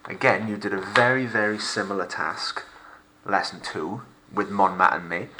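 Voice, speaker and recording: A male French teacher narrating a recorded remote lesson, slowing down to model pronunciation for pupils to repeat. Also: on the low side, fairly even intonation, background noise. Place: home recording for lockdown learning.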